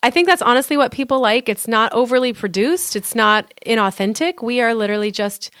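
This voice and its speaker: A woman's voice: a little high, animated, a little fast, a bit bright, no room sound. A woman co-hosting a podcast in a small studio, chatting casually with lots of fillers and playful teasing. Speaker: podcast co-host.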